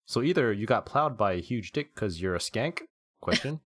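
Low-voiced man reading posts aloud. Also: normal speed, no room sound, studio quality. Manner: reads quotes in an animated, laughing voice. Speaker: podcast co-host.

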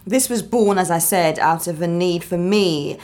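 A woman answering interview questions as a guest, explaining in a measured way with frequent ums. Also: on the low side, darkish tone. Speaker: guest, marketing founder.

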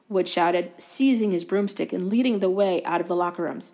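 Brief: woman guest reader, calm steady book narration, occasional stumbles corrected. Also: fairly low pitch, normal speed, few pauses. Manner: steady storytelling, fillers of self-correction. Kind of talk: reading a novel aloud.

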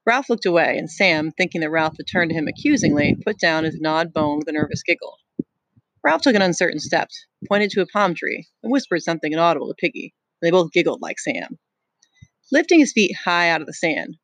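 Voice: medium pitch, fairly bright tone, no room sound, poor audio. A teacher reading a novel aloud to a class, adding chatty explanatory asides.

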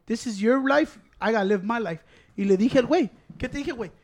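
Man, very high voice, rapid, blunt, profane. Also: darkish tone. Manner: blunt, profane, says güey constantly. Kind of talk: casual chat, mixing Spanish and English.

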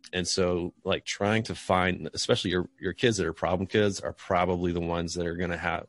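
A young man, a PE teacher and parent, answering interview questions in a relaxed, chatty way. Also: low-pitched, creaky, dry recording. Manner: relaxed, chatty, says dude and like a lot.

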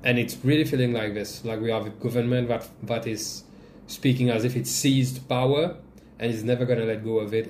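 A man from Mauritius talks through a solo political podcast in a sarcastic, animated way, jumping between points and restarting sentences. His voice sits at a medium pitch for a man. A faint hiss of background noise runs under the recording. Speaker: podcast host.

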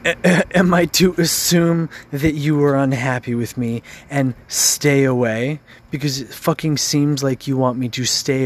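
A man's voice: medium pitch, a little hiss or hum. Frustrated man ranting, stammering and swearing. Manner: frustrated, profane, stammering repeats. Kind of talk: angry venting rant.

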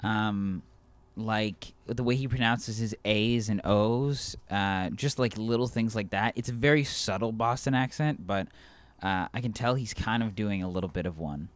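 Excitable young man chatting about movies. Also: lowish voice, moderate pace, clear, resonant tone, dry recording. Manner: excitable, lots of fillers and restarts. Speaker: podcast co-host. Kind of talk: casual movie chat.

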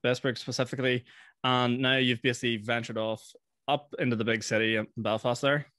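A man's voice: mid-range voice, steady tone, a little fast, bright, forceful tone, no echo, studio quality. A young man with a Northern Irish accent hosting a podcast, asking easygoing questions and laughing often. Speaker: podcast host. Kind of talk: casual podcast chat.

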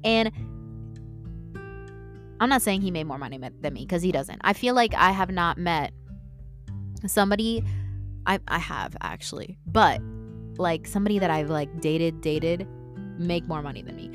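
A young woman with a slightly low voice hosts her own podcast and rants without a filter, swearing constantly as she goes. She breaks into animated, mocking outbursts, and soft guitar music plays faintly behind her. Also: moderate pace, long pauses. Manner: candid and heavily profane, ranting. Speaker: podcast host. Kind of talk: solo podcast rant.

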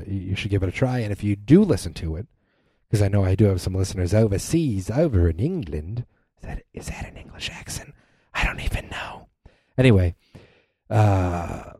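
A man's voice: lowish voice, mellow, breathy edge, no echo. A man hosting a casual solo podcast, rambling with many restarts and fillers. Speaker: podcast host. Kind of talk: casual monologue.

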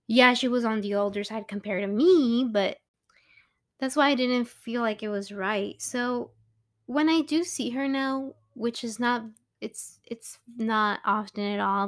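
A young woman hosting a solo podcast, talking casually and rambling with many restarts and fillers. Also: on the high side. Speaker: podcast host.

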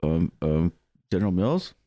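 A man's voice: low-pitched, big pitch swings, normal speed, dark tone, dry recording. A man co-hosting a podcast, joking and riffing in casual chat. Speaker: podcast co-host.

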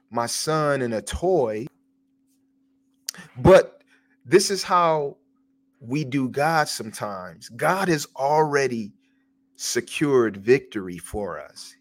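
A man hosting a devotional podcast, telling a family story in an earnest way, with pauses and repeated words as he goes. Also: mid-range voice. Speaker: podcast host.

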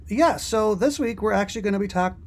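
A woman's voice: medium pitch, a little fast, creaky, a little mellow. A young woman co-hosting a casual podcast, laid-back and chatty, tossing in slang. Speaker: podcast co-host. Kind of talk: casual chat.

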